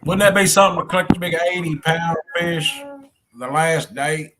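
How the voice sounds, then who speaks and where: A man hosting a fishing livestream from a boat, chatting playfully in a slow drawl. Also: fairly high pitch, very noisy. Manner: slow drawl, playful, reads a kids' book aloud. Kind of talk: casual livestream banter.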